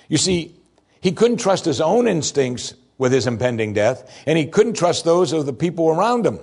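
A man delivers a sermon as a pastor at a moderate pace. His delivery is expressive, climbing for emphasis and sinking soft and low whenever he quotes scripture.

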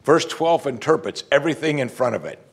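A man preaching a sermon, animated and conversational, acting out quoted voices and jokes for the congregation. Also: medium pitch, fairly quick, vocal fry, slightly rough. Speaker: pastor.

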